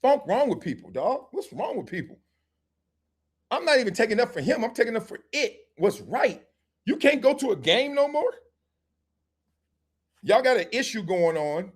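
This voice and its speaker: A middle-aged man hosting a live sports talk stream, joking, slangy and acting out little scenes as he talks. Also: high-pitched. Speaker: host.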